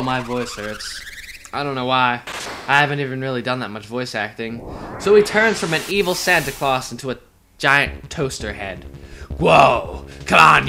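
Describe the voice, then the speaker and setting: Casual young male let's-player, chatty and filler-heavy, loud game music under him. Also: medium pitch. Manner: rambling, filler-heavy, joking. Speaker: let's play commentator. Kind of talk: casual gameplay commentary.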